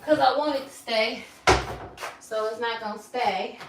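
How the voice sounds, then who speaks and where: A woman's voice: fairly high pitch, unhurried. Woman, casual cook-along chat, talks to y'all, roomy kitchen echo, faint background noise. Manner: chatty, talks to viewers as y'all. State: out of breath. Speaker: vlogger. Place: home kitchen, running water and frying.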